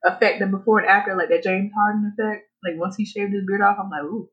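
A woman's voice: medium pitch, fairly even intonation, fast, breathy edge. A woman co-hosting a podcast in casual chat, blunt and profane, laughing often. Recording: dull lo-fi recording.

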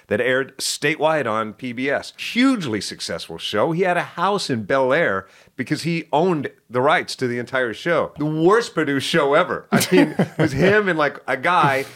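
A middle-aged man telling stories from his life as an interview guest, lively and self-deprecating with quick asides. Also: mid-range voice. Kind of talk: casual storytelling interview.

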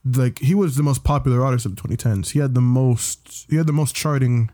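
A man's voice: medium pitch, brisk, warm tone. A young man co-hosting a podcast, talking casually, often restarting his sentences and swearing freely. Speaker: podcast co-host. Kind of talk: casual chat.

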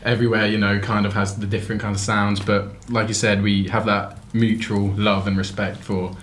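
A man's voice: fairly low pitch, flat delivery, moderate pace, fairly bright tone, slight background noise. A man from Milton Keynes, a band member who rambles with lots of fillers on a radio show. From Milton Keynes, England. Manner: rambling, lots of "you know". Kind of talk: casual radio interview.

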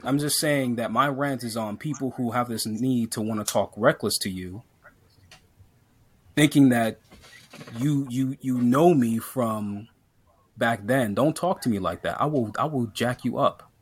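A man holds the mic on a laid-back podcast and rants, tripping over his own restarts as he builds up steam. His voice sits at an ordinary middle pitch. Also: a little slow, slightly rough. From Jamaican heritage. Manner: animated ranting, many restarts and fillers. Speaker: podcast co-host. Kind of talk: casual podcast rant.

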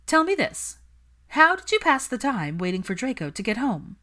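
A woman's voice: on the high side, sing-song, normal speed, pushed and bright, voice pushed up. Woman voicing a smug, teasing young witch. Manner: sly, needling, brash.

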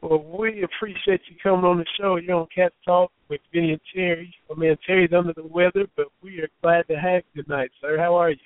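A man in his thirties hosting a casual sports talk radio show, his voice still hoarse, chatty and folksy with many fillers. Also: high-pitched, fairly even intonation, fast, hardly any pauses, dry recording. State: hoarse, recovering voice. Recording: tinny phone-line audio.

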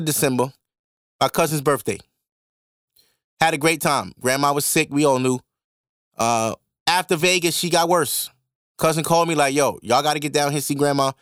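A young man hosting a podcast, telling a personal story in a casual, animated and profane way. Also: on the high side, no room sound, clean studio sound. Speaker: podcast host.

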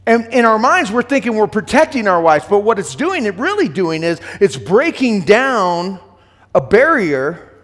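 A middle-aged man preaching a sermon to men, earnest and plain-spoken, often repeating words as he goes, sometimes loud and sometimes hushed. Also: sits high, sing-song, a little slow, big-room sound. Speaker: pastor.

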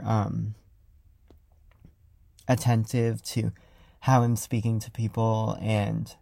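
A young man hosting a casual solo podcast, talking loudly and rambling with lots of fillers as he reflects. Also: mid-range voice, creaky, no echo. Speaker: podcast host. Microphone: close studio mic.

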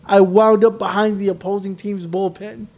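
A man with a high voice, co-hosting a casual podcast chat. He tells stories with energy and slips into quick impressions of the people he talks about. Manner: animated storyteller, acts out quotes. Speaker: podcast co-host.

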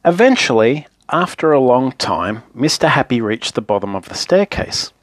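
A man reading a children's story aloud in a playful, lively, repetitive way. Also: medium pitch, moderate pace, dry recording.

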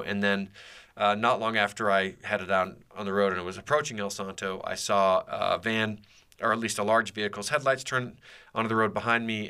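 A podcast host with a fairly low, sharp-toned voice tells a personal story casually. He rambles, with many fillers and restarts.

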